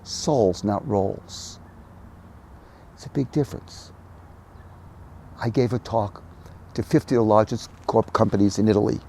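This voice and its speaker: An older man speaking as a podcast guest, telling stories animatedly, dropping to soft murmurs and rising to loud emphatic bursts. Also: fairly low pitch, unhurried, pauses often, slight background noise. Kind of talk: conversational storytelling.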